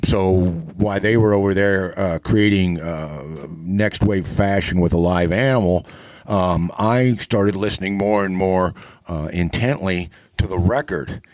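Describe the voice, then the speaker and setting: A middle-aged man with a very low, dry voice hosts a podcast. He tells a long story in a deadpan, rambling way, full of fillers. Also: dry recording. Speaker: podcast host. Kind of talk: casual storytelling monologue.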